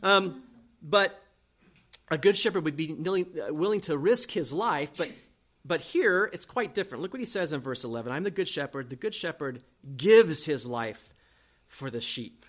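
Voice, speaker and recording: A man preaching an expository sermon. He reads scripture aloud slowly and swings between loud emphasis and soft asides. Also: on the high side, expressive. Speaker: pastor.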